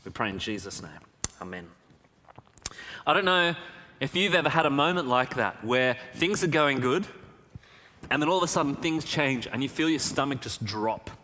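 A man's voice: medium pitch, normal speed, long pauses, a little hiss or hum. A man preaching a sermon in a conversational storytelling manner, with a personal anecdote and a prayer. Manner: conversational storytelling, animated when excited. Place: church. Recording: church hall reverb.

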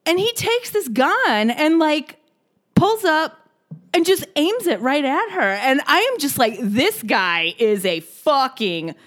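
A woman talks through a film with a co-host, in lively, swinging tones that sit a little high. She laughs often, swears freely and slips into the characters' voices as she retells scenes. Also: slow pace. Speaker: podcast co-host. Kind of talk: casual movie recap chat.

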